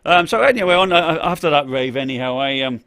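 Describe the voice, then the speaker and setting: A man's voice: a little high, expressive, brisk, a bit bright. A man chatting on a live stream about tech, rambling with lots of fillers and restarts, and greeting viewers from the chat.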